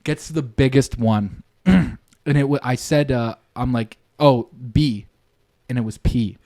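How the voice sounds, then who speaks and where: A man's voice: medium pitch, measured pace, dark tone. A young man on a podcast, telling a rambling story in casual chat, full of slang and swearing. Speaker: podcast co-host.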